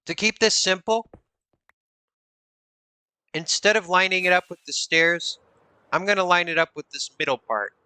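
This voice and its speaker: A man streams himself building in a game, muttering block counts and reading chat aloud. His voice is very bright and sits dry and close on the mic. He teases viewers with playful mock suspicion. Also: fairly high pitch, clear, resonant tone, no echo. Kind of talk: casual live-stream chat while playing.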